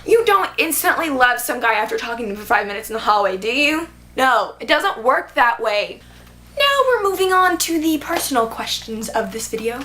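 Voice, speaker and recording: Bright, high-voiced teenage girl. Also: moderate pace, slight background noise. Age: teens. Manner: animated, gushing, uses lots of "like". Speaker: booktube vlogger. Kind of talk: casual chatty book tag vlog.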